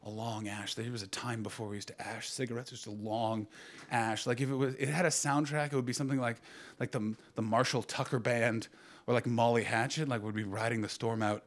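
A Canadian man in his thirties telling a stand-up comedy story and bantering with the audience, swinging from loud outbursts to low asides. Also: fairly even intonation, brisk. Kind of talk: stand-up comedy with crowd work.

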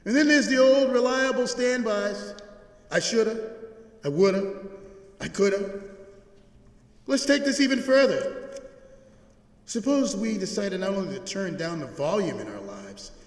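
Animated preacher man in an echoey church. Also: high voice, moderate pace. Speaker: pastor. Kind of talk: sermon. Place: large church sanctuary.

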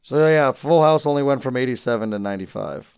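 A man's voice: medium pitch, quick pace, gravelly, a little mellow, clear, resonant tone, no room sound, lo-fi sound. A man in casual podcast chat who chimes in with jokey asides.

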